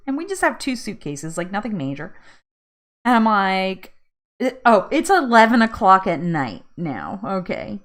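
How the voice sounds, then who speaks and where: Lively woman telling a story. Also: medium pitch, measured pace. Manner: animated, laughing often, acts out her own pleas. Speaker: host of a live weight loss chat. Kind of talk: casual live-stream storytelling.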